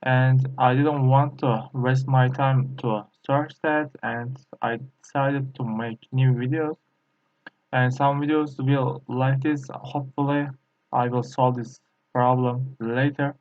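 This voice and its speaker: A man whose first language is Turkish, teaching a Chinese lesson in slow, halting English full of fillers. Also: medium pitch, steady tone, highs cut off. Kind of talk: screen-recorded language lesson.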